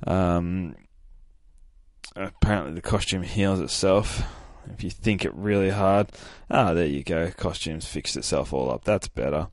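A man's voice: low voice, unhurried, no echo, clean studio sound. A hungover young man hosting a podcast, recapping a comic in a rambling, profane, casual way with lots of fillers. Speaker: podcast host.

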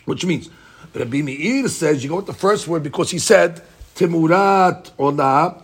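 A man teaching a casual Talmud study lesson. He reads the text off rapidly, then explains it in English, often stumbling and repeating words. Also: on the high side, lively intonation, breathy edge.

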